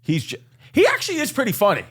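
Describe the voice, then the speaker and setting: A man's voice: extremely high pitch, wildly swooping pitch, fairly bright tone, husky. Joking man rambling in casual chat. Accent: New York. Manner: joking, rambling, quick asides. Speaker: podcast host. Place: green room.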